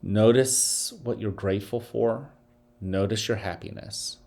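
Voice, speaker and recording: A man speaking as a school principal, giving morning announcements to students and leading a guided breathing exercise in a slow, soothing way. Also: on the low side, steady tone, vocal fry, darkish tone.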